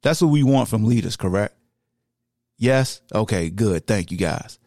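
A man's voice: fairly low pitch, unhurried, no room sound, studio quality. A man hosting a sports podcast, ranting with heat in casual, slangy talk. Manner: animated, slangy, heated ranting. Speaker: podcast host.

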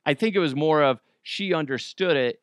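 A man's voice: fairly high pitch, moderate pace, dry recording, clean studio sound. A man from Colorado hosting a casual podcast, rambling and joking at his own expense. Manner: rambling, self-deprecating, jokey asides. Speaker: podcast host. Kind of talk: casual solo chat.

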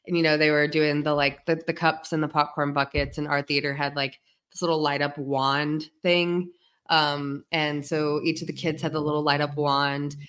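A woman's voice: deep voice, a bit bright, smooth. A woman in her thirties telling a story in casual chat, chatty with many fillers. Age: 30s.

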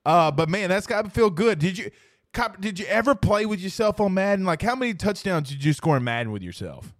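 A man co-hosting a casual sports podcast, excitable and animated, jumping between quick banter and self-corrections. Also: high-pitched, dry recording, studio quality. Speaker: podcast co-host.

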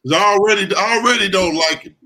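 A man co-hosting a casual podcast chat, earnest and expressive. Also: high voice, quick pace. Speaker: podcast co-host.

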